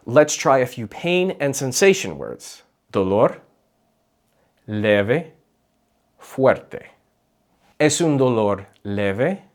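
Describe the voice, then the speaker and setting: A man teaching clinical Spanish to therapists, with clear repeat-after-me drills and light jokes. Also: medium pitch. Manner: patient, clear, lightly joking.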